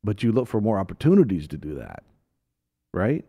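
Low-voiced, laughing Christian talk host. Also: male voice, brisk, slightly rough. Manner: animated storyteller, laughs often. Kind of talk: casual Bible teaching chat.

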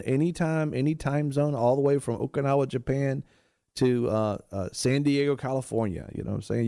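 A man's voice: mid-range voice, mellow, no echo, clean studio sound. A man hosting a radio ministry show, preaching in an earnest, plain-spoken way and giving on-air announcements. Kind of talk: sermon commentary and radio announcements.

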